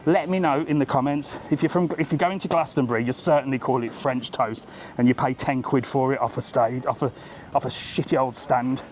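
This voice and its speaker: Faint street noise sits under a British man's steady, mid-range voice as he talks a little fast. He's a travel vlogger livestreaming from a busy resort strip outdoors, swearing casually, ranting bluntly and saying hello to people as he walks.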